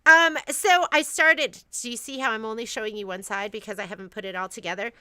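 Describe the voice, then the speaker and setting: Bright, chatty woman hosting a store livestream. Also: fairly high pitch, brisk, smooth, no room sound. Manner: chatty, rambling, many fillers and restarts. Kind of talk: casual livestream chat.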